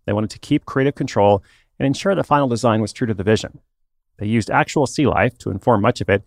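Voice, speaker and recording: Gravelly guy reading a podcast story, dry close mic, throws in deadpan side jokes. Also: mid-range voice, no echo. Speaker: podcast host. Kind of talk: scripted narration.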